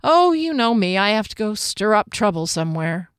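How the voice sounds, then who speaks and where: A woman's voice: medium pitch, very animated, normal speed, clean tone, dry recording, studio quality, lightly acted. A woman doing a brash teasing adventurer woman. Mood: breezy.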